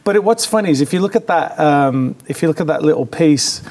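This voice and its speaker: A man co-hosting a casual political talk show, animated and mocking, laughing often as he talks. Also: a little high, brisk. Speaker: co-host.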